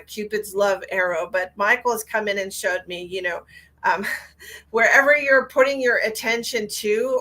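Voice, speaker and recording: A woman's voice: medium pitch, sharp tone, rough recording. A woman working as a psychic medium, giving a live-streamed reading in a soothing voice and guiding her viewers through a short meditation.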